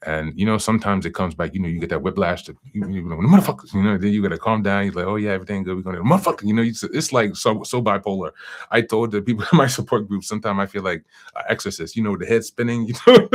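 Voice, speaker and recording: A man's voice: sits low, a bit bright. A man hosting a daily podcast, talking candidly and rambling about personal growth, with frequent "you know" asides. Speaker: podcast host. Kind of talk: casual spiritual reflection.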